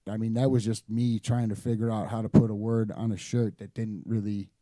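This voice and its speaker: A man's voice: lowish voice, little pitch movement, a little fast, dark tone, no room sound. A man talking casually as a guest, laid-back and rambling, with many fillers. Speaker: guest designer. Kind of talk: casual podcast chat.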